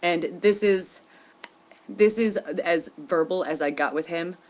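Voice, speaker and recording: Woman vlogger, lower pitch, casual storytelling, indignant and animated. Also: slow. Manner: indignant, animated retelling with laughs. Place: at home, indoors.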